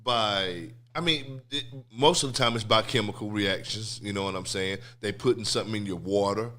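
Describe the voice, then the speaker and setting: Casual male co-host, bright tense tone, animated, streetwise. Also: fairly low pitch, moderate pace. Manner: animated, streetwise, repeats "you know what I'm saying". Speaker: podcast co-host. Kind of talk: casual chat.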